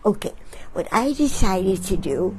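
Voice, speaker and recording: A woman hosting a talk, telling reflective stories about friends to an audience in a slow, thoughtful way. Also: mid-range voice, lively intonation, background noise. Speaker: artist and host.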